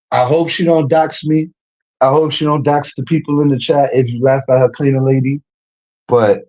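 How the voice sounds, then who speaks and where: A man, ranting in casual livestream chat, slangy and animated, laughing often. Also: mid-range voice, muffled recording. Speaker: streamer.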